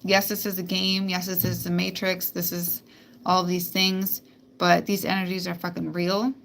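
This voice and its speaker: A woman's voice: fairly low pitch, little pitch movement, moderate pace, vocal fry, fairly bright tone, slight background noise. A woman hosting a spiritual live stream, talking bluntly and emphatically with plenty of swearing. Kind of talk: casual live-stream monologue.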